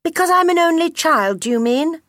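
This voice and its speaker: A woman's voice: extremely high pitch, expressive, normal speed, a bit bright, no echo, studio quality, voice pushed up. A woman voicing a young male gosling who asks eager questions, in a storybook reading.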